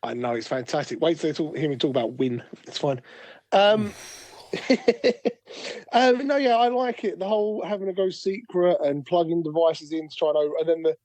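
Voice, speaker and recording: A man co-hosts a casual podcast, laid-back and quick with a joke. His voice sits a little higher than most men's. The recording is close and dry. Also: a little mellow, dry recording. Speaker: podcast co-host. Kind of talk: casual chat.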